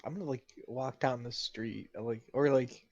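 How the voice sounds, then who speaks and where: A man's voice: medium pitch, steady tone, moderate pace, a little mellow. A young man co-hosting a podcast, rambling casually and hunting for words between giggles. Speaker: podcast co-host. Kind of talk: casual chat. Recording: dull lo-fi mic.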